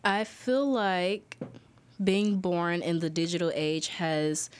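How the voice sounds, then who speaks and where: A woman's voice: fairly low pitch, slow, clear, resonant tone. A young woman, a guest in an interview, talking casually with lots of fillers and acted-out quotes. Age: young adult. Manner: animated storyteller, many fillers, acts out quoted voices.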